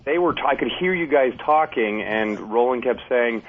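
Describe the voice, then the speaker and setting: A man's voice: on the low side, fairly quick, hardly any pauses, a little hiss or hum. A man calling in to a radio show, telling a self-mocking story. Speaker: guest on phone. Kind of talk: phone-in chat. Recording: muffled phone line.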